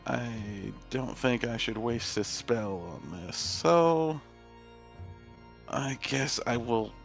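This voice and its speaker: Excitable gravelly man player. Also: mid-range voice, drawn-out words, faint music behind. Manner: excitable, swearing, lively. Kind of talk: casual tabletop play.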